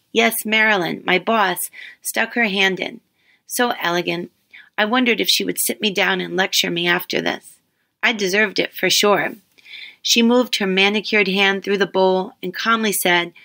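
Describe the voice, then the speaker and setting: A woman reads her own first-person story aloud, wry and ready to poke fun at herself. Her voice is bright and forward. She keeps an even, storytelling pace. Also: medium pitch, creaky. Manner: wry, self-deprecating storytelling.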